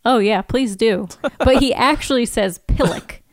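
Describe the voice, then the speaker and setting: A woman's voice: fairly high pitch, measured pace, no echo, studio quality. A woman co-hosting a podcast, reading a scene recap in casual chat and laughing often. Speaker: podcast co-host recapping episodes.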